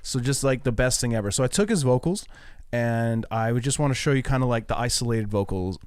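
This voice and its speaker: A man working as a music producer, casually walking through how he built a remix, with a relaxed, loose way of talking. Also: medium pitch, fairly quick, smooth, dry recording. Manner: relaxed, loose, hedging with "like" and "kinda".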